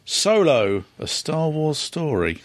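Sarcastic man reading news, lively pitch. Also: normal speed, slight background noise. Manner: jokey, sarcastic. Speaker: podcast co-host reading news. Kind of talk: casual chat and news reading.

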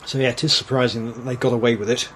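A man's voice: medium pitch, flat delivery, racing, fairly bright tone, slight background noise. A man co-hosting a casual episode commentary, with loose phrasing, fillers and trailing sentences. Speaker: podcast co-host.

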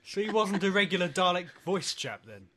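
A man trades playful quips in a casual podcast chat. His voice sits high and sounds bright and forceful, and his intonation moves around a lot. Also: big pitch swings, fairly quick. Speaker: podcast co-host.

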